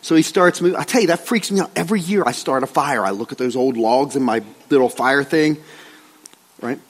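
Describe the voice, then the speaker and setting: A male pastor preaching a sermon in a joking, animated way, often asking the congregation questions. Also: medium pitch, a little fast. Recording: long hall reverb.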